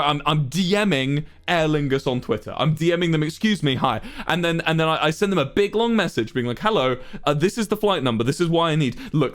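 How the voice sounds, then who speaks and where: Young guy streaming, high voice, super exasperated rant to chat, does little voices for everyone. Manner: exasperated, animated retelling of a hassle; acts out the people in his story. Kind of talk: casual livestream storytelling to chat.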